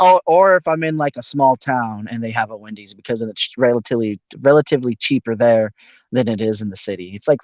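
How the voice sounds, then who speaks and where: A man's voice: fairly low pitch, dry recording. A man in casual voice chat, blunt and opinionated, talking crudely. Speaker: voice chat participant. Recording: dull lo-fi voice chat mic.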